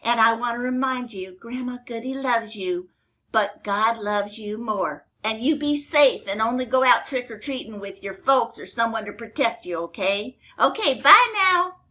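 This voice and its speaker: Her voice sits a little high and moves at a normal speed as she hosts a Bible story show for children. This older woman rambles along chattily in a homespun style, dropping in plenty of fillers and staying warm with her young audience.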